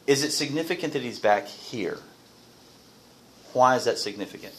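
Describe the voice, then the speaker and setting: A man leads a Bible study for a small class, reading scripture aloud and firing questions at the group. His pitch swings widely as he explains and asks. He sounds mid-range in pitch, neither high nor low. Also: lively intonation, normal speed, a little hiss or hum, rough recording.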